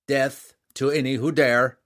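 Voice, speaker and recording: A man's voice: mid-range voice, steady tone, unhurried, voice pushed up, close to an everyday voice. Man doing a proud warrior king, firm, emphatic, storybook reading. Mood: defiant.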